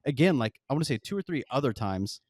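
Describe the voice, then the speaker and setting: A man co-hosting a podcast who tells stories at a fast clip, slipping into the voices of the people he quotes. His voice is recorded close and dry, with no room sound. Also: mid-range voice, no room sound. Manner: animated storyteller, acts out quoted voices. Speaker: podcast co-host. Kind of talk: casual chat.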